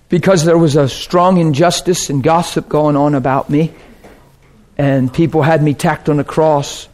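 Man, preacher, slightly raised pitch, emotional testimony, shifts from soft to loud, sermon storytelling. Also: steady tone, moderate pace.

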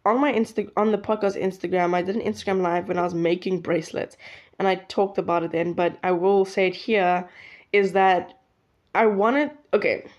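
A young woman in her late teens hosts a podcast, rambling through a casual story with plenty of fillers and restarts. Her mid-range voice has a darkish tone, and the lo-fi audio sounds slightly dull.

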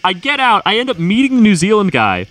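A man's voice: high voice, huge pitch swings, fast talker, fairly bright tone, slight background noise, rough recording. A man telling a long, rambling anecdote in casual chat, laughing mid-sentence and repeating words. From United States.

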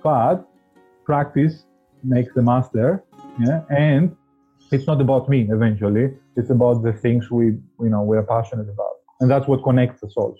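A man's voice: mid-range voice, steady tone, normal speed, husky, phone-quality sound, faint music behind. A man speaking English as a second language, talking earnestly and passionately as a podcast guest, often restarting his phrases. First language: not English. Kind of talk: casual interview talk.

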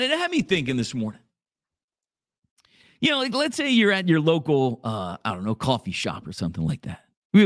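A man's voice: a little high, dry recording, clean studio sound. A man hosting a radio show, chatting casually in a rambling, jokey way. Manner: rambling, jokey, repeats himself.

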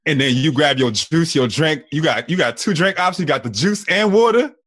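Podcast guest, laid-back man, dry close mic, playful and slow to the point. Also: a little high, dry recording. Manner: relaxed, drawn-out descriptions, playful teasing. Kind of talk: casual chat.

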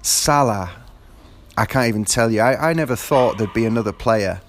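A man's voice: medium pitch, moderate pace, a little hiss or hum. A man talking about his football team in a casual monologue, rambling with many fillers and restarts. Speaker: football fan.

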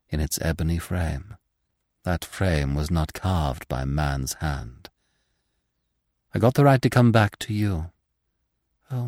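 Male narrator doing a tender ghost-woman lover, burned witch, slow and swooping, storybook reading. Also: low voice, gravelly, a little mellow, no room sound, clean studio sound, exaggerated voice. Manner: yearning, tender and pleading. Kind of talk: dramatic audiobook reading.

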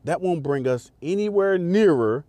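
Here a male podcaster with a fairly high, expressive voice and a dark tone talks at a normal pace, with no echo in the recording. His monologue is heated political commentary aimed right at listeners, repetitive, forceful and laced with profanity.

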